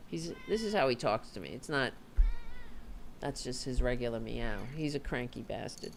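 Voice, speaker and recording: A woman's voice: a bass voice, expressive, normal speed, a little hiss or hum. A woman hosting a casual livestream, rambling and swearing as she chats and talks to her cat. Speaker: host.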